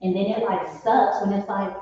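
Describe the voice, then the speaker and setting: A woman's voice: mid-range voice, steady tone, moderate pace, dark tone, slight background noise. A woman speaks bluntly and swears freely in a casual chat. Her voice sits far from the mic with a long, echoey hall reverb and muffled, lo-fi sound. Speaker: parent, chat guest.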